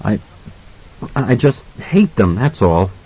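A man voicing a frightened young mother with a husky, anxious and pleading manner, at times near-hysterical. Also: lowish voice, big pitch swings, slow pace, warm tone, muffled recording, exaggerated voice. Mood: worried, tender.

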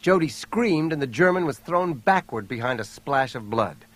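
A man narrating an audiobook thriller in a steady, even storytelling voice. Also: on the high side, moderate pace, no echo. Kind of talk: scripted narration.

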